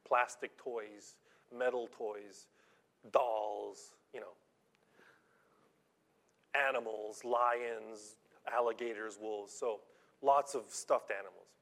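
A man preaching a sermon in a conversational storytelling way, with halting restarts and slow, deliberate emphasis on key phrases. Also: fairly low pitch, steady tone, fairly bright tone. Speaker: pastor.

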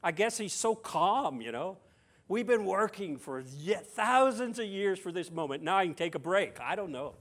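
A man preaching a sermon, retelling a scripture story conversationally with playful humorous asides, moving between loud emphasis and soft near-whispers. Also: high voice, expressive, normal speed.

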